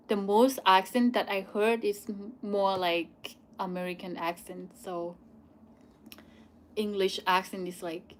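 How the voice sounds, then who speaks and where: A young Thai woman with a Thai accent, Thai as her first language, hosting a live question-and-answer stream in a loose chatty way with many "like" and "um" pauses. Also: medium pitch. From Thailand. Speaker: channel host answering viewer questions.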